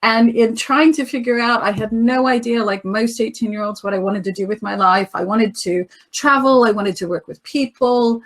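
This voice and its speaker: A woman in her fifties, from the United States with an American accent softened by decades in Britain, giving a conference talk over a video call with chatty, self-deprecating storytelling. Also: a little high, fairly even intonation, normal speed, few pauses. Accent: American with a British tinge. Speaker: panel speaker. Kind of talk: conference talk, personal anecdote.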